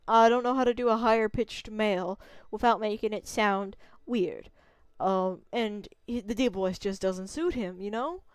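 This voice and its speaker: A woman's voice: a little high, clear, resonant tone, no echo. A young woman streamer chatting casually while she plays, rambling and unsure of herself as she tries out voices. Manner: rambling, self-doubting, trying out voices. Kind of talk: casual gameplay chat.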